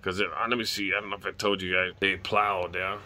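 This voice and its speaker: A man's voice: deep voice, level tone, fast, pushed and bright, slight background noise. A middle-aged man from Hawaii with a light lilt, rambling casually and swearing now and then as he chats on his porch. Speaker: vlogger. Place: outdoors on a home porch.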